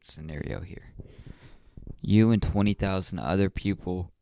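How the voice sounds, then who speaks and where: A man's voice: low voice, measured pace, creaky, mellow, clear, resonant tone, no echo, clean studio sound. A young man hosting a podcast, talking casually on his own in a rambling, reflective way, yawning often. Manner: rambling and reflective, with many ums and restarts. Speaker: podcast host. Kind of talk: casual solo podcast talk.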